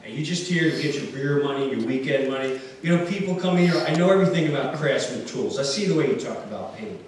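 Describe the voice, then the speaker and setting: Grumpy middle-aged clerk done by a male comic, low scolding tone, echoey far mic. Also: animated, quick pace, natural voice. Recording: echoey venue, distant mic, noisy.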